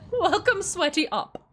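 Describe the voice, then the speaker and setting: Streaming a game, a bubbly young woman swears freely and talks casually with her viewers. Her very high-pitched voice is animated and a bit bright, and she speaks at a slow pace.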